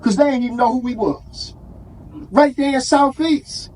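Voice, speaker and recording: High-voiced man preaching to a crowd. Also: normal speed, darkish tone, a little hiss or hum. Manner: preacherly, call-and-response, street vernacular. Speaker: community organizer speaking at an event. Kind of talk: impassioned speech to a live audience.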